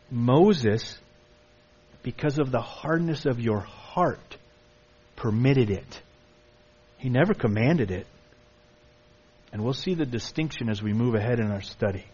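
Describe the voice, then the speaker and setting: A man preaching a sermon emphatically, reading scripture aloud and sometimes mimicking excuses in a higher voice. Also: darkish tone, slightly rough, dull audio. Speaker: pastor.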